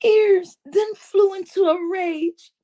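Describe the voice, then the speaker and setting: A young woman telling a story to her live chat, swearing freely and breaking into loud laughter again and again. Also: very high voice, fairly even intonation, slow. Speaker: live streamer.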